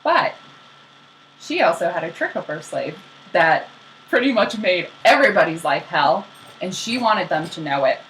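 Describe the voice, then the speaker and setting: A young woman casually retelling myths as a podcast co-host, slangy and animated, acting out the characters. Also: lowish voice, moderate pace, slight background noise, poor audio.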